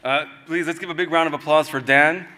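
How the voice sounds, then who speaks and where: A man's voice: on the high side, steady tone, fairly quick, noisy background. A man hosting a conference, introducing the keynote speaker in a loose, hesitant way with fillers. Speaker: conference host. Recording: reverberant hall.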